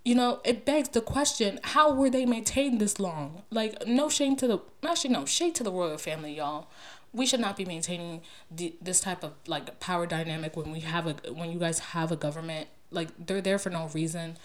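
A young woman hosting her own podcast, ranting casually and with exasperation, swearing freely as she jumps between loud outbursts and mumbled asides. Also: on the low side, normal speed. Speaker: podcast host. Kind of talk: casual solo podcast rant. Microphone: podcast microphone.

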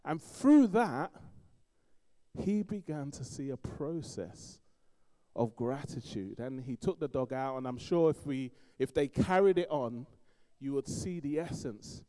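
Middle-aged London-accented man, animated preacher, mellow dark tone. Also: medium pitch, unhurried. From East London. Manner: animated storytelling, swings between loud emphasis and quiet asides. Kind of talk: sermon.

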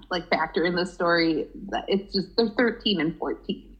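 A woman co-hosting a casual podcast chat, talkative and quick to giggle as she reads a story aloud. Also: fairly low pitch, highs cut off. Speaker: podcast co-host.

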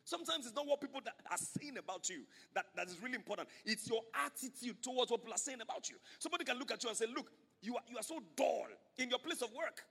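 High-voiced bright male preacher. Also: breathy edge, big-room sound. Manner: emphatic, repetitive preaching with congregation call-and-response. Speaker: pastor. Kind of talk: sermon. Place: church sanctuary.

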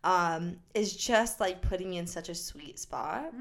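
A woman from New Jersey with a Jersey accent, co-hosting a podcast in casual, rambling chat while high and tipsy. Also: unhurried, creaky. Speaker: podcast co-host.

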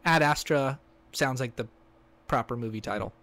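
A man's voice: medium pitch, moderate pace, fairly bright tone. A man co-hosting a casual movie podcast, joking around and rambling, often trailing off mid-thought. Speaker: podcast co-host. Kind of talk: casual banter.

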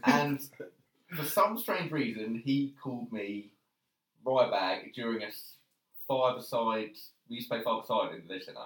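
A man's voice: mid-range voice, animated, normal speed, fairly bright tone. A young man, chatting as a podcast guest and laughing often. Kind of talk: casual chat. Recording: roomy sound, distant mic.

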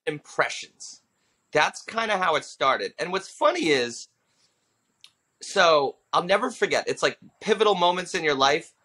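Bright, animated comedian man. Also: fairly high pitch, measured pace. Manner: animated storyteller who slips into character voices for quotes. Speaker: stand-up comedian guest. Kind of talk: casual interview storytelling.

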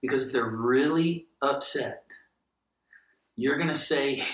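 A man's voice: mid-range voice, takes it slowly, long pauses. A middle-aged man, a guest pastor, telling stories in a podcast conversation and acting out the dialogue. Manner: animated storyteller who acts out dialogue. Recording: roomy sound from a distant mic.

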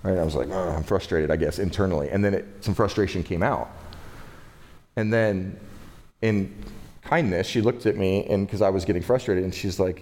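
A man's voice: low voice, moderate pace, a little mellow. A man from the United States preaching a sermon in a conversational, relatable way, with rhetorical asides to his listeners. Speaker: pastor.

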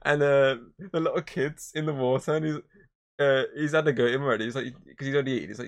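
A man's voice: medium pitch, fairly even intonation, quick pace, vocal fry. A man co-hosting a podcast, chatting casually, rambling and swearing as he retells movie scenes. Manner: rambling, swears a lot, acts out scenes in voices. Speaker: podcast co-host. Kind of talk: casual chat.

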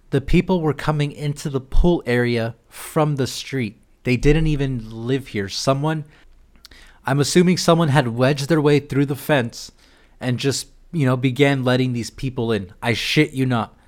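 A man's voice: medium pitch, normal speed. A young American man hosting a podcast, delivering a ranting, profane, exasperated comedic monologue. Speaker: podcast host.

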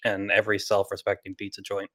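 A man's voice: lowish voice, monotone, fast, fairly bright tone, dry recording, studio quality. A young man with a slight Long Island accent, co-hosting a casual podcast debate, blunt and opinionated and swearing freely. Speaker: podcast co-host.

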